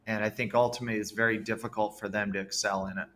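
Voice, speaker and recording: A man's voice: on the low side, very fast. A man who founded a business, a podcast guest telling stories with enthusiasm. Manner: enthusiastic, animated storyteller. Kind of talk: casual podcast conversation.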